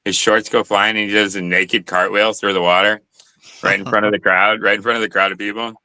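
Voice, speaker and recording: A man hosting a casual chat, telling laid-back, profane stories with frequent halting pauses. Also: fairly low pitch, level tone, bright, forceful tone, no room sound. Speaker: host.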